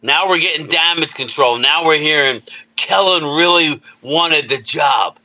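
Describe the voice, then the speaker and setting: A man's voice: a little high, measured pace, pushed and bright, muffled recording. A man hosting a casual live chat, upbeat, greeting viewers by name and repeating himself. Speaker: livestream host.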